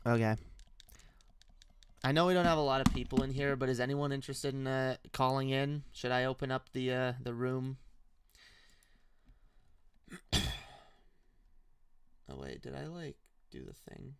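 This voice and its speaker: A man's voice: mid-range voice, a little slow, gravelly, long pauses, clear, resonant tone, no echo. A young man hosting a live stream with call-ins, chatting casually with loose slang, swearing and many restarts.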